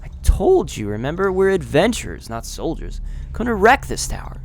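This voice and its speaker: A man's voice: on the high side, big pitch swings, moderate pace, darkish tone, slight background noise. A man doing an eager, upbeat boy adventurer. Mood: earnest.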